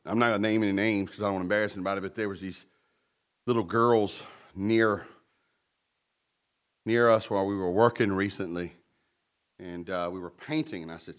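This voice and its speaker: A man's voice: fairly low pitch, fairly even intonation, brisk, pauses often. A man pastor preaching a sermon in a conversational way, with humorous stories and asides between scripture readings.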